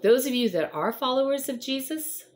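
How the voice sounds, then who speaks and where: A woman's voice: high-pitched, animated, moderate pace. A woman giving a casual devotional talk in an earnest, encouraging way, rambling a little with frequent fillers. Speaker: host of a devotional chat.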